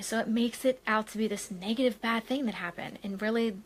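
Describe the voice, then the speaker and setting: A woman's voice: mid-range voice, a little fast, hardly any pauses. Chatty woman hosting a live stream. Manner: chatty, rambling, with frequent fillers and laughter. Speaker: spiritual medium host. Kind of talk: casual live-stream chat. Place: home, Maui.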